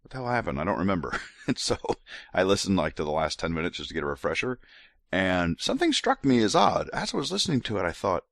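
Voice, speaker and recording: A gravelly, deep, slightly bright voice swings widely in pitch as a tipsy podcast host talks fast. His casual monologue is rambling and full of laughter and restarts, captured in studio quality with no room sound.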